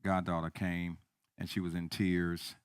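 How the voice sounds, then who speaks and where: A man preaching a sermon as pastor, repeating key lines and swinging from quiet talk to loud emphasis. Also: low voice, little pitch movement, measured pace, clean tone, no echo, studio quality.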